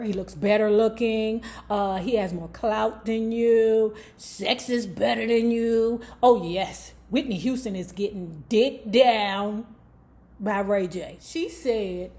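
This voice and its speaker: A woman's voice: medium pitch, warm tone. Sassy, profane woman dishing book gossip. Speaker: book review vlogger. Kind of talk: casual commentary on a book.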